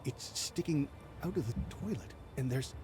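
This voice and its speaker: An actor plays a frightened man cornered by a monster, speaking. His panic stays hushed and restrained, never rising above a quiet level. Loud music plays under him in the game audio. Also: medium pitch, moderate pace, close to an everyday voice. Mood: panicked. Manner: subdued, quiet even when panicking.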